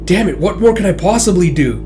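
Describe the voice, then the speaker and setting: A man voicing a hot-headed young male officer, shouting, frantic, raised pitch, reading a comic aloud. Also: expressive, fairly quick, background noise. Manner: frantic, shouting, self-driven.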